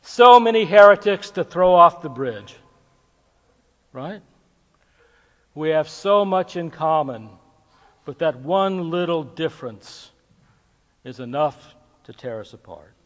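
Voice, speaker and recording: A man preaching a sermon as pastor, talking casually and jokingly with filler pauses. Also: fairly high pitch, animated. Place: church sanctuary. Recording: dull recording with long hall reverb.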